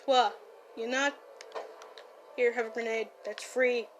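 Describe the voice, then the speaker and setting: A woman giving silly commentary while playing a game, playfully yelling at the characters. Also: fairly high pitch, steady tone, slow pace. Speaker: gamer.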